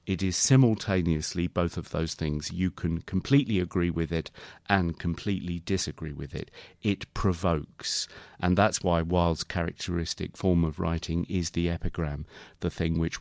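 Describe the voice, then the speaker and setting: A middle-aged man, an author and radio guest, talking about his book in a thoughtful, articulate and measured way. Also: sits low, fairly even intonation, vocal fry, a little mellow, no echo.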